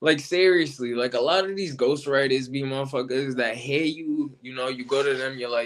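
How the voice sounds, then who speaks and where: Slangy, animated man talking battle rap. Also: medium pitch, normal speed, hardly any pauses. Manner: animated, slangy, repeats himself. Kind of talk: casual commentary monologue.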